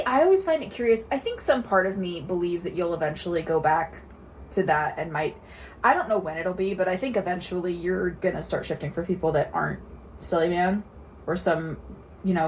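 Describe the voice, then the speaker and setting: A woman in her twenties co-hosting a podcast, chatting casually, playful and quick to laugh. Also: on the low side, slight background noise. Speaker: podcast co-host. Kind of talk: casual chat.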